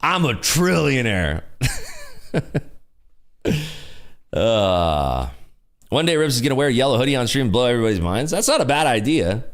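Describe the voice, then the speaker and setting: A man's voice: mid-range voice, very animated, moderate pace, long pauses. A man hosting a casual livestream, joking and teasing as he reads out the chat. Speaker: livestream host.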